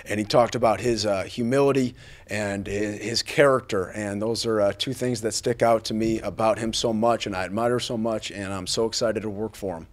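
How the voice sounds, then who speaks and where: A fairly low-voiced man in his thirties speaks as a football coach at a press conference. He sounds earnest and grateful, and he restarts his sentences often. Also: steady tone, normal speed. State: a little choked up.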